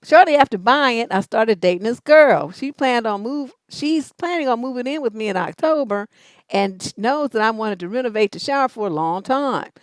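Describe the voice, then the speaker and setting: A woman's voice: fairly high pitch, moderate pace, no echo. Blunt, profane woman talk-show host. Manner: blunt, profane, animated storytelling with laughs. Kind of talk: live advice show, storytelling and reading questions.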